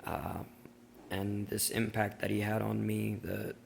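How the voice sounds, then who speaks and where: A man sharing memories in a personal video tribute, speaking haltingly with frequent pauses. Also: on the low side, little pitch movement, vocal fry, slight background noise. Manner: halting, with many pauses and fillers. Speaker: brother-in-law sharing memories.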